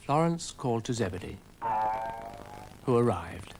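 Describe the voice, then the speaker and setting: A man's voice: mid-range voice, sing-song, moderate pace, faint music behind. A man narrating a children's cartoon story in a dry, leisurely way.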